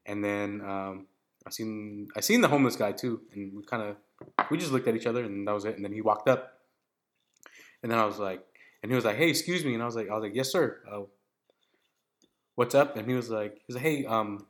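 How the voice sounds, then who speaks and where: A man co-hosting a casual podcast talk, telling stories with plenty of swearing. He retells the exchanges animatedly, and his voice leaps high into laughter at the absurd parts. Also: brisk, long pauses. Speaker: podcast co-host. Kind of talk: casual storytelling chat.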